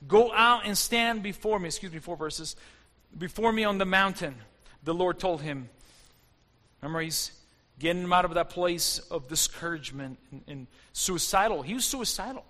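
A man's voice: sits high, moderate pace, bright, forceful tone. A man preaching a fervent sermon, his intensity rising and falling as he speaks. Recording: long hall reverb.

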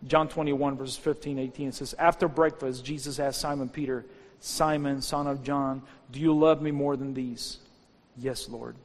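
A man's voice: medium pitch, fairly even intonation, normal speed, few pauses. A man preaching a sermon as pastor, fervent and rising into exhortation. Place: church hall. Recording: long hall reverb with faint music.

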